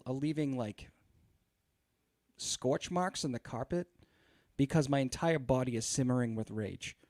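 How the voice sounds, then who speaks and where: A man's voice: fairly high pitch, a little mellow, dry recording, clean studio sound. A man hosting a podcast, telling a long, exasperated story in a casual, profane way full of fillers. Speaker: podcast host.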